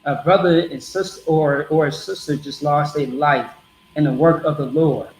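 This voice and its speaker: A man's voice: on the high side, steady tone, moderate pace, reverberant, slight background noise, low-quality recording. A man preaching bluntly to a group in a streetwise, repetitive way.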